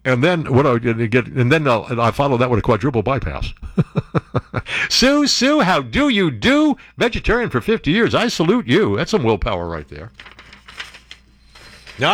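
A man hosting a talk radio show, telling stories in a casual, animated way with frequent laughs, on a studio microphone. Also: mid-range voice. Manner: animated storyteller, laughs often, restarts.

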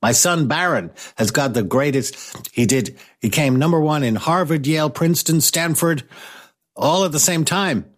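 A man's voice: on the high side, expressive, normal speed, pitched above the performer's own voice. A man putting on the voice of a boastful male politician, bragging in an exaggerated, brash way.

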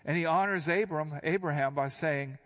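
A middle-aged man giving a conversational Bible teaching, walking through verses with relaxed asides and repeated phrases. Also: fairly high pitch, normal speed.

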